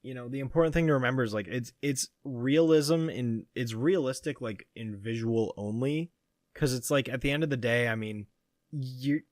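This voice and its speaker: A man's voice: mid-range voice, no echo. Chatty male podcast co-host, dry sound. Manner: chatty, laughs often. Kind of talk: casual chat.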